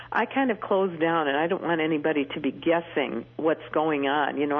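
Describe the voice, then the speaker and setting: A middle-aged woman, a Christian speaker, telling earnest personal stories with touches of humor as a radio interview guest. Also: on the low side. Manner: earnest, storytelling, warm humor. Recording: tinny phone line on radio.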